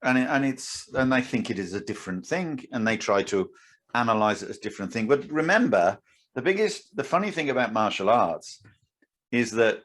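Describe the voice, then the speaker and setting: A man's voice: medium pitch, animated, brisk, fairly bright tone. A man co-hosting a casual podcast, explaining martial arts techniques in a blunt, emphatic way. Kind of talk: casual chat.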